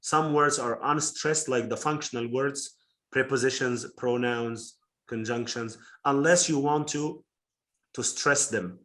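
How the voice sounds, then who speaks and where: A man's voice: medium pitch, steady tone, measured pace, a bit bright. A man teaching an online class over a video call, explaining patiently step by step and repeating key terms.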